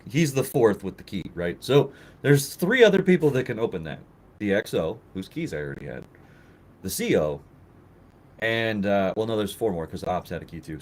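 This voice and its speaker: A man's voice: medium pitch, poor audio. A man telling a swearing, laugh-filled story in casual chat, acting out the people he quotes. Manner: animated, laughs often, acts out quotes. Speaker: podcast co-host telling a story.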